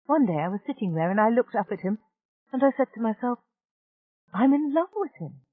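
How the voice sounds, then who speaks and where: A woman's voice: fairly high pitch, big pitch swings, a little fast, dry recording, pitched above the performer's own voice. A woman reading an audiobook, voicing a blunt, exasperated young woman who speaks frankly. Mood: wry. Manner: frank and irritable. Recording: dry, tinny narrow-band audiobook.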